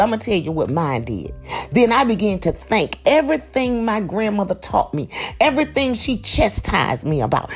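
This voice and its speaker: A woman's voice: medium pitch, slightly rough. A woman giving an emphatic, preachy motivational talk, calling out to her listeners with faint music behind her. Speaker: motivational speaker.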